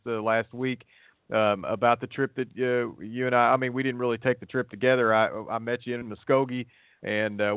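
A folksy, rambling man hosts a casual podcast chat, his voice sitting at an ordinary middle pitch. The audio is thin and phone-like, with a dry, close sound. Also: no room sound. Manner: rambling, folksy, repeats words. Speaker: podcast host.

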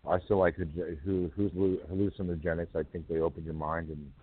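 A man hosting a poetry call-in radio show, rambling and halting with many fillers. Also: low-pitched, level tone, slightly rough. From North Carolina. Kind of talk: casual call-in chat. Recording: tinny phone line.

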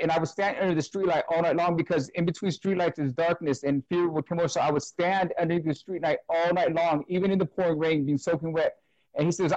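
A man's voice: on the high side, fairly even intonation, quick pace, darkish tone, no echo, low-quality recording. A man, a guest minister in an interview, earnestly telling his personal testimony and retelling others' words at length. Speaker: guest, full-time minister.

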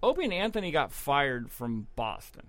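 Dude cohosting a podcast, pretty high voice, blunt and crude, dead dry sound. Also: male voice, big pitch swings, moderate pace, a bit bright, no echo. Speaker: podcast co-host. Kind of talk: casual profane chat.

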